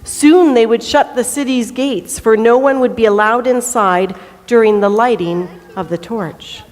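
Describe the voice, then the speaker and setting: A woman tells a children's story at a church service, slow and deliberate in her reading. Her voice sits fairly high, and a long reverb from the church hall trails each phrase.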